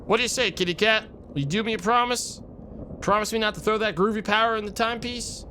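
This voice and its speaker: A man voicing a laid-back groovy hippie who talks in a smooth, coaxing way. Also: high-pitched, fast talker, bright, forceful tone, slight background noise, voice pushed up. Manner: smooth, coaxing, calls everyone baby.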